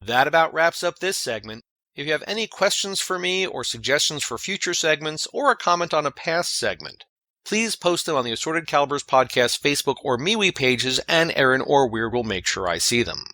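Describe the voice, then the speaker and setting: Bright-voiced man reading a scripted segment. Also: a little high, lively intonation, dry recording. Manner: measured, read from a script. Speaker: segment contributor.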